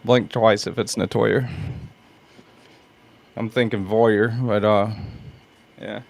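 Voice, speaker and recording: A man with a Southern US accent hosting a casual livestream, talking slowly, stopping and restarting often, laughing and reading chat aloud. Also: fairly low pitch, fairly even intonation, vocal fry. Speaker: host sharpening knives on a livestream.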